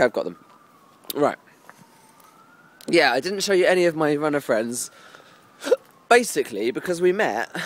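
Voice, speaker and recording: A young man talking casually to camera in a vlog, rambling and joking at his own expense, tipsy and hiccuping. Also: fairly high pitch. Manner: chatty, rambling, self-mocking. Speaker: vlogger.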